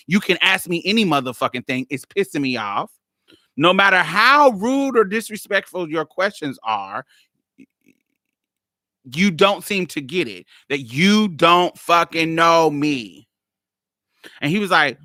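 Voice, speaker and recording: A woman's voice: fairly low pitch, a bit bright, no room sound, studio quality. A woman podcast host telling a story in a blunt, exasperated way, laughing often and swearing freely. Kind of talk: casual storytelling monologue.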